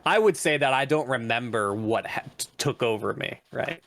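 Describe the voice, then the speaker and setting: A man playing a tabletop game, talking hesitantly with many fillers and pauses. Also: medium pitch, animated, creaky, fairly bright tone. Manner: hesitant, halting, lots of fillers. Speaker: player. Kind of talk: casual game chat.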